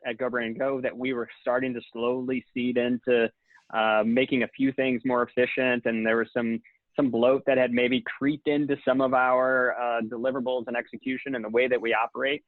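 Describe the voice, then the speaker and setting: A man's voice: medium pitch, little pitch movement, normal speed, no room sound. A man on a video-call panel, sharing thoughts on leadership in a casual, thoughtful way. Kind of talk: panel webinar talk. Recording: tinny dry phone-like call audio.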